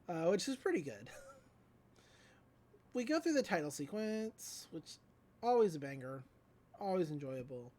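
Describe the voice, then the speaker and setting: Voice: medium pitch, very animated, normal speed, long pauses, a little mellow. This is a podcast host in casual recap mode, retelling a cartoon episode scene by scene. The talk is loose and rambling, filled with likes, ums and small restarts, like an easygoing chat between friends.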